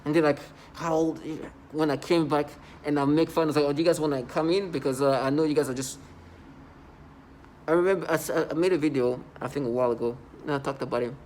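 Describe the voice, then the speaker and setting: A man talking in a casual vlog monologue, rambling and halting, with many restarts and stammered repeats. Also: a little high, steady tone, a little mellow, a little hiss or hum. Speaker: vlogger.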